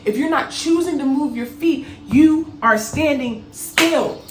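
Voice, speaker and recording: A woman's voice: high voice, a little slow, a little hiss or hum. A woman hosting a motivational spiritual talk, earnest and emphatic with repeated phrases. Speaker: host. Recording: echoey room, faint music.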